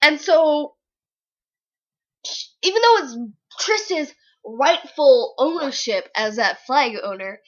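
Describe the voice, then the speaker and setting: A young woman giving an excited, gushing book review in a casual, dramatic way. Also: sits high, slow pace, pauses often, lo-fi sound. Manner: gushing, dramatic, very animated retelling.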